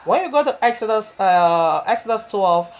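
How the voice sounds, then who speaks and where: A woman preaches, reading long scripture passages aloud and breaking into her own comments between verses. Her voice sits in a middle pitch for a woman. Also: animated, normal speed. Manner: reads scripture aloud, breaks off with asides and laughs.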